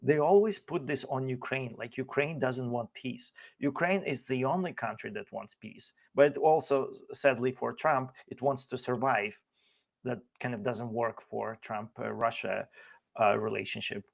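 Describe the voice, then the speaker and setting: A man in a heated political discussion, indignant and sarcastic, halting often on fillers and restarts. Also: medium pitch, gravelly. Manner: indignant, sarcastic, mocks others in put-on voices. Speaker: podcast host.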